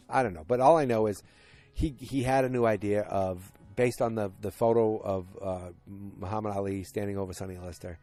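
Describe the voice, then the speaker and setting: A podcast host with a lowish, darkish-toned voice casually recaps a TV episode. He rambles, corrects himself often, and leans on lots of fillers.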